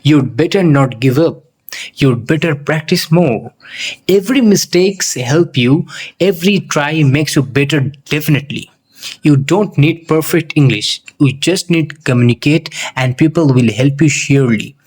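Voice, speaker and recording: A man teaching English, telling a simple story in slow, deliberate narration with carefully spaced phrasing for learners. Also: a little high, animated, breathy edge.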